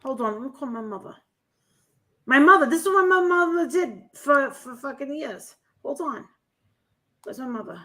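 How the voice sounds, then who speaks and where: This brash co-host with a New Jersey accent has a high, ringing voice and talks loudly and bluntly, swearing without a second thought. The chat is loose and casual, and she sounds animated while speaking at normal speed.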